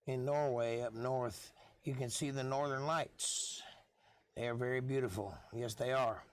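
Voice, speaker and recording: Hoarse man rambling on a live stream. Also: medium pitch, fairly even intonation, a little slow. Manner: rambling, offhand, jokey. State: hoarse, coughing. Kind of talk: casual rambling chat.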